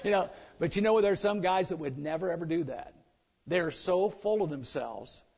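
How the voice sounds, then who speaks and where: A high-voiced man with a drawl preaches with lively, joking energy, slipping into mocking voices of complainers. The recording sounds a bit dull and lo-fi. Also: normal speed, vocal fry, breathy edge. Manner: animated, joking, mimics complainers. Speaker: pastor. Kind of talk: sermon.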